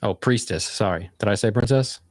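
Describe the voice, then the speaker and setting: Guy, lowish voice, dry close sound, rambling reflective stream host. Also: brisk, no echo. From United States. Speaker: livestream host. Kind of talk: casual livestream chat.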